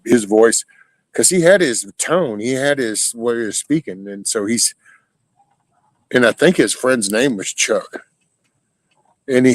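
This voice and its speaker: A man's voice: fairly low pitch, no echo, low-quality recording. A man hosting a livestream, rambling in casual chat with his viewers, swearing often and stopping and restarting his sentences. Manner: rambling, profane, halting with restarts. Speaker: livestream host.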